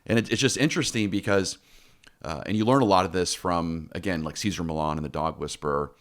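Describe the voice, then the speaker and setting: A man with a very low voice tells stories on a podcast, circling back and repeating himself as he goes. He is middle-aged and talks in a loose, chatty way. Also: fairly quick. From Texas. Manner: storytelling with many restarts and repeated words. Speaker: podcast host. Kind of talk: casual podcast chat.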